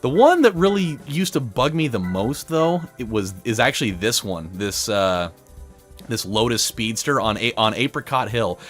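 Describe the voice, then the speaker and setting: A man's voice: mid-range voice, very animated, normal speed. Guy chatting over his racing game, rambly, voice bouncing all over, bit of music under it. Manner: rambling, storytelling, frequent fillers. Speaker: let's play host. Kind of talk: casual gameplay commentary.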